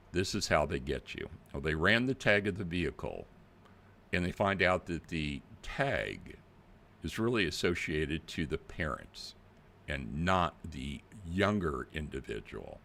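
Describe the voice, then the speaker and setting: An older man talks straight to his viewers in a plain-spoken, animated way. His voice is deep and gravelly, and his pitch rises and falls a great deal. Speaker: channel host. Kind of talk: casual video commentary.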